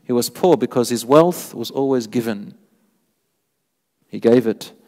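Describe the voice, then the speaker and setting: A man giving a sermon in a mosque, telling stories with lively rising emphasis and quoting Arabic scripture. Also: medium pitch, unhurried. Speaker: sheikh giving a mosque lecture. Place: mosque lecture hall. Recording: long hall reverb.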